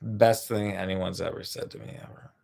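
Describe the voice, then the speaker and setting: A man's voice: deep voice, level tone, moderate pace, creaky, darkish tone. A man telling a rambling, profane stand-up story, full of restarts and asides. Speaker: stand-up comedian.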